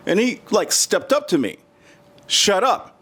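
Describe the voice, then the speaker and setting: A middle-aged man from the United States tells stories in a casual interview, his voice lively and swinging up and down in pitch. His pitch sits a little high for a man. He acts out other people's voices and restarts his sentences often. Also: measured pace, husky. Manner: animated, acts out quoted voices, many restarts. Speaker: interview guest.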